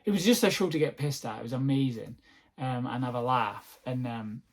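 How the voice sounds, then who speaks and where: A man's voice: medium pitch, a little fast. Scottish man, young adult, comedy podcast host, rambling, swearing, laughing. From north-east Scotland. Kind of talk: casual solo podcast monologue. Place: at home on a sofa-bed seat.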